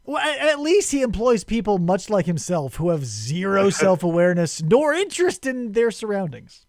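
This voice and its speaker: Lively, sarcastic male podcast host. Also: high voice, moderate pace, no echo, clean studio sound. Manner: rambling, sarcastic, profane. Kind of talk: casual chat, retelling a story.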